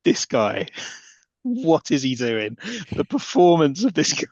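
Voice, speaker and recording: A man's voice: on the high side, big pitch swings, unhurried, a little mellow, no room sound. A man co-hosting a podcast, ranting sarcastically and swearing about a film's plot. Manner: sarcastic, exasperated rants with swearing. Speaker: podcast co-host. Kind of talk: casual chat. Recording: dull lo-fi dry sound.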